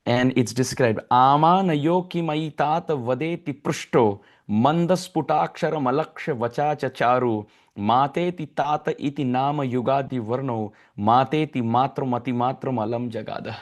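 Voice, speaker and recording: Male preacher, mid pitch, lively storytelling sermon with chanted verses. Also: normal speed. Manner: animated, acts out mothers' voices in high tones, chants verses. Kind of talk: devotional storytelling lecture.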